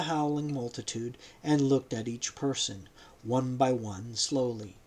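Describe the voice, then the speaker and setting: A man narrating a novel as an audiobook, in a measured storytelling manner. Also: mid-range voice, steady tone, darkish tone. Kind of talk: audiobook reading.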